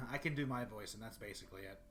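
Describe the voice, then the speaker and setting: Deep-voiced man rambling on stream. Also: a little fast, a bit bright. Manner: rambling, clears throat often. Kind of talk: casual livestream chat. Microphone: desktop microphone.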